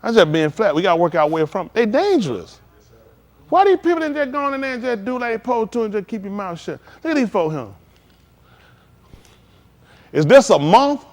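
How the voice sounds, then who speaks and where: A man preaching a live-streamed sermon in loose, slangy street talk, animated and emphatic. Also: high voice, fairly quick, pauses often.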